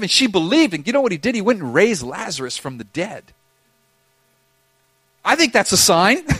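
Male pastor preaching, fairly high voice, dry close sound, swings from loud pleading to near-whisper. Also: very animated, moderate pace, pauses often, breathy edge, no room sound. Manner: impassioned, swings between loud urging and hushed intensity. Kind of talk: sermon.

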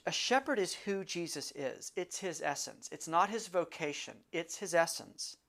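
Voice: mid-range voice, expressive, normal speed, vocal fry, a bit bright. A pastor, preaching a sermon in an earnest, conversational way and repeating key phrases for emphasis.

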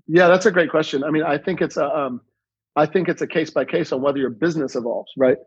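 Brief: male entrepreneur guest, husky tone, repeats words mid-thought, dull dry recording. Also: fairly high pitch, fast talker, no echo. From Louisiana. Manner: storytelling, repeats words when starting thoughts. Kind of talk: conversational interview.

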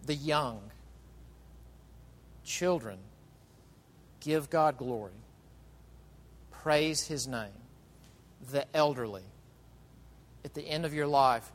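A man's voice: mid-range voice, fairly bright tone. Man, pastor, emphatic sermon, rhetorical questions, reverberant church hall.

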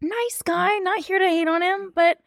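A woman's voice: very high voice, fairly even intonation, moderate pace, vocal fry, no echo, clean studio sound. Playful, chatty woman podcast host. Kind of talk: conversational podcast interview.

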